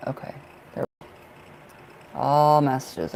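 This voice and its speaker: A man reading tarot on a live stream, chatting in a relaxed, effusive way and greeting viewers as they arrive. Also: fairly high pitch, brisk, pauses often, slight background noise, low-quality recording. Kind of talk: casual live-stream chat.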